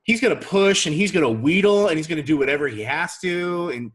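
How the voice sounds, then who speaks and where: A chatty, enthusiastic man co-hosting a fan podcast. His voice is a little husky and sits somewhat high for a man. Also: animated, brisk, a bit bright. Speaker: podcast co-host. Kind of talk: casual fan podcast chat.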